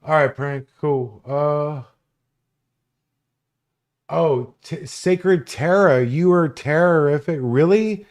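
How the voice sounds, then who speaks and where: A man's voice: a little high, slow pace, long pauses. A man hosting a live stream, ranting at chat viewers in a combative, profane way. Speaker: livestream host. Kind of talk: live stream commentary rant.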